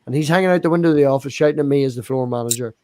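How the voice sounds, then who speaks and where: A man's voice: medium pitch, racing, dark tone, no room sound. Joking man, crude banter. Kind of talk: casual chat.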